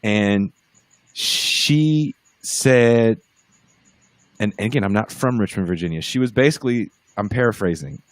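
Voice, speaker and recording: Low-voiced man telling a loose, profane story. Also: unhurried, no room sound. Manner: animated storyteller, swears freely, mimics voices in quotes. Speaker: podcast guest, band musician. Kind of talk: casual storytelling. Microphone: podcast mic over a livestream.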